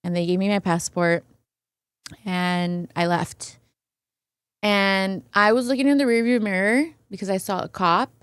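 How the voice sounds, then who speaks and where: A woman's voice: medium pitch, measured pace, smooth, dry recording, clean studio sound. A woman guest on a podcast, telling a personal story casually and acting out what people said, often tagging on "right?". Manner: animated retelling, acting out quoted voices, fillers like "right?". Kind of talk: conversational storytelling.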